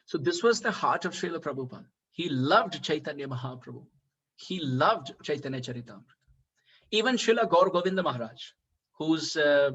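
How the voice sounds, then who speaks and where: A man's voice, a little high with a breathy edge, carries a storytelling sermon at a devotional festival, captured in low quality. He animatedly acts out quoted dialogue, frequently filling pauses with "uh."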